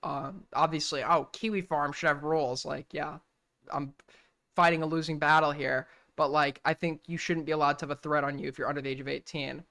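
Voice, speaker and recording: Young male host, casual reaction commentary, blunt and profane, slightly high, bright and forceful tone. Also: little pitch movement, a little fast, creaky. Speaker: streamer host.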